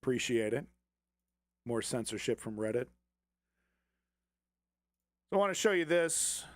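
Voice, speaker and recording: A man's voice: mid-range voice, expressive, measured pace, no echo. A man hosting a political commentary stream, ranting with heavy swearing and sarcastic mockery. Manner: sarcastic, swears often, mocks opponents in put-on voices.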